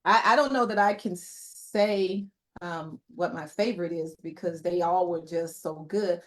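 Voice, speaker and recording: A middle-aged woman, a podcast guest, recalling memories in a reflective storytelling manner with many pauses and fillers. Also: on the low side. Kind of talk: conversational interview testimony.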